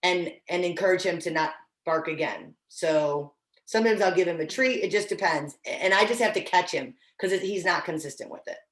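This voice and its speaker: A woman's voice: lowish voice, moderate pace. Echoey woman teaching dog commands. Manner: casual, encouraging, with frequent restarts. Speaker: dog training instructor. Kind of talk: online training class.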